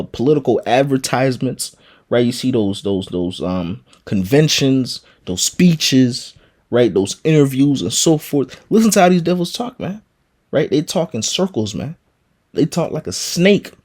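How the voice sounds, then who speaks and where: A man's voice: medium pitch, a little mellow. A man giving an informal scripture teaching, stammering and repeating words, tagging nearly every phrase with "man" or "right?". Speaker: preacher.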